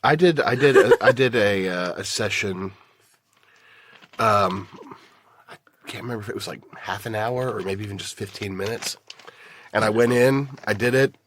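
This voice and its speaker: Low-voiced man with wry anecdotes. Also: moderate pace, long pauses, a bit bright, slight background noise. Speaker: voice actor. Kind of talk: casual podcast chat.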